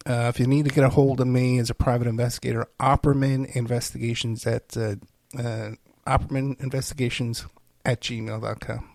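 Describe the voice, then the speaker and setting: A man's voice: mid-range voice, level tone, brisk, vocal fry, a little mellow, no room sound. A middle-aged man hosting a podcast, rambling in a casual, self-deprecating way while sounding tired and unwell. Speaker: podcast host. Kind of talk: casual solo monologue.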